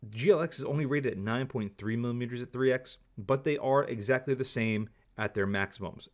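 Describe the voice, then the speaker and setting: A man's voice: mid-range voice, fairly quick, few pauses. A man giving a candid, opinionated product review, talking casually and repeating stock phrases. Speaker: scope reviewer.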